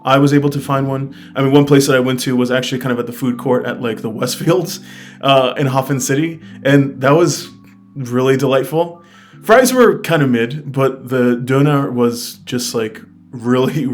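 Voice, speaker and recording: A man's voice: mid-range voice, normal speed. American man, casual enthusiastic travel vlogger, loose and chatty, light guitar bed behind. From United States. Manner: chatty, fills speech with "like" and "I mean"; enthusiastic, recommends things directly to viewers. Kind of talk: casual travel review talk. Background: faint guitar music.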